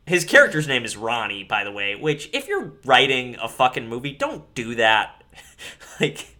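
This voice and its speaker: A man's voice: medium pitch, huge pitch swings, moderate pace, bright, forceful tone. A man co-hosting a podcast, reviewing a movie in casual chat, blunt and profane and laughing often. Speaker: podcast co-host.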